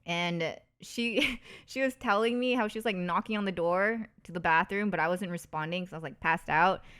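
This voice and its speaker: A woman's voice: lowish voice, moderate pace, fairly bright tone, clear, resonant tone. Chatty, giggly woman streamer. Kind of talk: casual stream chat.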